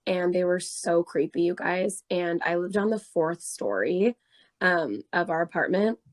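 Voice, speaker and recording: Animated young woman telling a story. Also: lowish voice, unhurried. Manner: animated, laughing, swearing freely. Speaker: podcast co-host. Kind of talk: casual storytelling chat.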